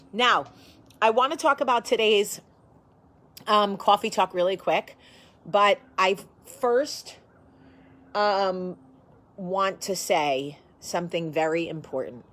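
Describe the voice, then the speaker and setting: A woman's voice: medium pitch, slow pace, long pauses, fairly bright tone. A woman hosting a casual chat to camera from her home, blunt and sassy in manner. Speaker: host.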